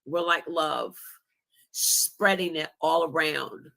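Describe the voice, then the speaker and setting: A low, gravelly-voiced woman speaking very slowly as a guest on a live stream. She talks in a heartfelt, emotional way, close to tears. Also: bright, forceful tone. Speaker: guest podcaster. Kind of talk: casual live-stream chat.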